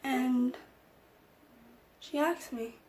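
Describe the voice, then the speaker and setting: A woman vlogger telling a personal story in a soft, low-key storytime chat. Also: very slow, a little hiss or hum. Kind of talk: casual storytime.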